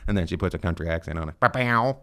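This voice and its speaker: A man's voice: low voice, lively intonation, brisk, pushed and bright. A middle-aged man hosting a podcast, chatting in a rambling, joking, self-deprecating way. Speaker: podcast host. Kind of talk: casual chat.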